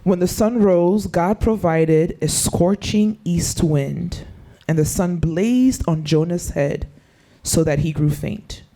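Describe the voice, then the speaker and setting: A man's voice: sits high, takes it slowly, mellow, slight background noise. A man leading an interactive youth Bible study, asking the group questions and acting out the scripture quotes he reads.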